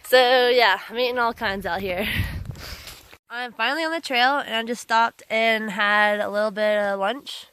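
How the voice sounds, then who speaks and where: A woman hiker telling stories to the camera outdoors, chatty and animated, laughing often. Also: fairly high pitch, measured pace, smooth, no room sound. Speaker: long-distance hiker vlogger. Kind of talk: casual storytelling to camera. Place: outdoors by a trail road.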